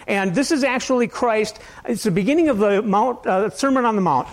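A man preaching a sermon in a conversational, rambling way, asking his listeners question after question and swinging between loud and soft. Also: high-pitched, fairly quick. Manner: conversational, asks the audience many questions. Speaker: pastor.

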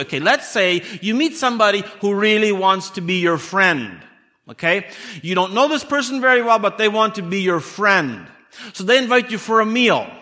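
A man's voice: high-pitched, sharp tone. A man, a pastor, preaching a sermon in a conversational way, asking the congregation questions and acting out little scenes. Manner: conversational preaching with rhetorical questions and acted-out dialogue. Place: church. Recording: church hall with long reverb.

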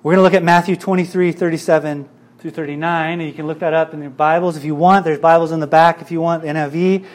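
A man's voice: on the high side, fairly even intonation, fast talker. A male pastor preaching a sermon in an earnest way, repeating phrases for emphasis.

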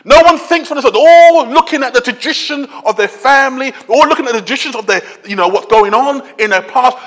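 High, bright-voiced preacher in a hall. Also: male voice, fast talker. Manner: conversational preaching with emphatic repetition. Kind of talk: sermon.

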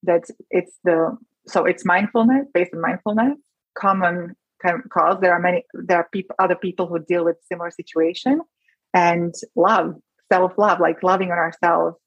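A woman's voice: on the low side, fairly even intonation, moderate pace, slightly rough, no echo, highs cut off. A woman, a doctor guest in an interview, talking earnestly and with feeling, often restarting her sentences. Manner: earnest, emotional, many restarts. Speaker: rheumatologist guest. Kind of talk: conversational interview.

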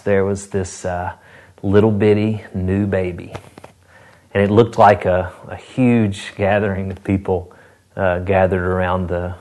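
Low-voiced preacher telling a story. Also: male voice, darkish tone. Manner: halting restarts, folksy storytelling. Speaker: pastor. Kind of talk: sermon with storytelling.

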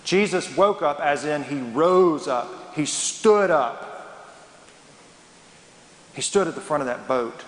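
A man's voice: fairly high pitch, moderate pace, few pauses. A man preaching a sermon as a pastor, emphatic and dramatic, asking rhetorical questions. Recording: echoey hall with long reverb.

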